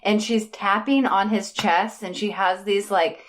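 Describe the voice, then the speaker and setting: A woman's voice: medium pitch, measured pace. A young woman and mother co-hosting a podcast, telling a story with animation in casual chat. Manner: animated storyteller, acts out quotes. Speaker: podcast co-host.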